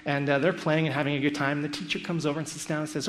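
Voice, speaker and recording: A man retelling a story in an animated talk, acting out the quotes with a sarcastic edge. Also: on the high side, fast talker. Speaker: speaker critiquing a school curriculum.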